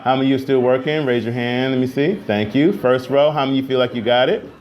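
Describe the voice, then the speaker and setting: A man teaching a music class, keeping students on task with firm, brisk directions and some playful teasing. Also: medium pitch, muffled recording. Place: school classroom. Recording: noisy classroom with students chattering.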